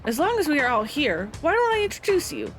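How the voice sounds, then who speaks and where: A woman voicing a courtly old male martial arts master with measured, old-fashioned courtesy. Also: sits high, huge pitch swings, faint music behind.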